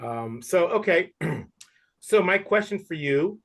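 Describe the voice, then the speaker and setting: An American man with a voice on the high side for a man. He asks friendly questions, halting and restarting with ums as he goes. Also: lively intonation, creaky, a bit bright. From United States. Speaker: student asking a question. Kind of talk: casual conversation on a video call.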